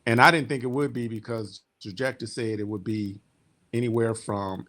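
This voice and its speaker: A man's voice: medium pitch, steady tone, moderate pace. Heartfelt man telling his story. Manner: rambling and heartfelt, trailing off quietly. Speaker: military veteran giving a client testimonial. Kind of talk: personal testimonial storytelling.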